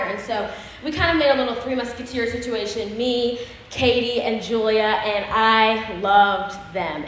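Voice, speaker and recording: A woman speaking to an audience on a handheld mic, telling a personal story in an earnest, animated way. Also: on the high side. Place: room with an audience. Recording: echoey room, faint background noise.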